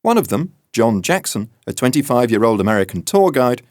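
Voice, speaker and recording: A man narrating a magazine audio feature in a measured, wry scripted manner. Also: mid-range voice, very animated, no echo, clean studio sound.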